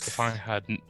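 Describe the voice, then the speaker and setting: A man's voice: on the low side, sharp tone. A man playing a tabletop game, chatting casually with wry, self-deprecating remarks. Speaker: player.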